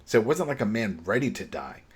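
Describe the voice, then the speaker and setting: A man's voice: fairly low pitch, brisk, husky. A man casually recapping a TV episode on a podcast, acting out the characters' lines as he retells the scenes. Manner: animated retelling, acting out dialogue.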